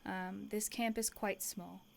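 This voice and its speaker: A woman's voice: mid-range voice, fairly even intonation, slow, vocal fry, a little hiss or hum. A woman narrating a tabletop game as game master, casual, with many fillers and restarts.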